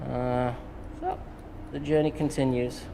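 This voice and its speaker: English hairdresser narrating a live cut. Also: male voice, medium pitch, unhurried, creaky, in a large hall, background noise. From England. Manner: relaxed, jokey, talks while cutting. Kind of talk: live haircut tutorial with banter.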